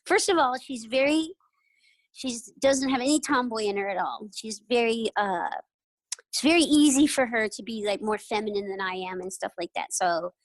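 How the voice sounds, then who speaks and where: A middle-aged woman, a guest on an interview show, telling lively stories and often acting out quoted voices with laughter. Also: fairly high pitch, normal speed, no room sound, low-quality recording. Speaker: guest, retired jockey. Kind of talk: casual interview storytelling.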